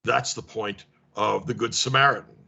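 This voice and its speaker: A man teaching a casual online seminar, wry and animated, acting out dialogues with mock exasperation. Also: lowish voice, normal speed, gravelly, breathy edge. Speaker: lecturer. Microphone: video call. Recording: lo-fi online call audio.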